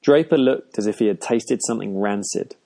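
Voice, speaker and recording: A man narrating a first-person audiobook in a measured, dry way. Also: on the low side, gravelly, mellow.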